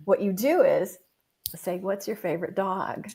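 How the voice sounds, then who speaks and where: A woman author and business mentor, a guest on a video call from a closed office, talking in an animated way and acting out inner voices in little quoted asides. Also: mid-range voice, unhurried, gravelly. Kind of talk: animated interview talk. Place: home office with the door closed.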